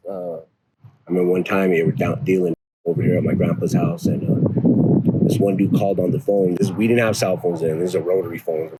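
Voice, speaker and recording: Deep-voiced man in his forties, street slang. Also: steady tone, normal speed, heavy background noise. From North Denver, USA. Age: 40s. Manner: street slang, rough and profane. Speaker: interviewee. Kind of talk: casual storytelling.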